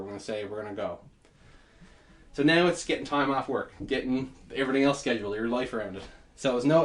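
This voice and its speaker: Animated, swearing man telling a story. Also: mid-range voice. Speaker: podcast host. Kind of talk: casual storytelling chat.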